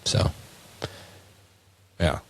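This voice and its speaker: A man's voice: extremely slow, slight background noise. A man co-hosting a casual comedy podcast, reading scripture verses aloud and then riffing on them with wordplay jokes. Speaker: podcast co-host.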